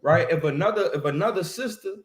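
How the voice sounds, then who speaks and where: A man's voice: fairly high pitch, fairly quick, reverberant. A man talking casually about faith in a preachy way, ending his lines with "right?" and "man.". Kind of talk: casual religious discussion.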